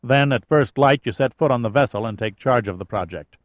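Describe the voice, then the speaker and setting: A man's voice: medium pitch, a little fast, no room sound, close to an everyday voice. A composed expedition leader who briefs and directs without fuss, voiced by a male audiobook reader close to his own voice. His delivery is level and plain. The recording is dry and a little muffled. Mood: matter-of-fact. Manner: level, matter-of-fact.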